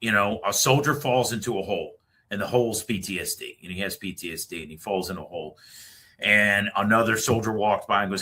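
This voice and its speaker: Middle-aged male guest, low but bright, forceful voice, emphatic storyteller. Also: a little fast. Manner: storytelling, emphatic closing message. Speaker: retired Marine officer guest. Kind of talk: podcast interview.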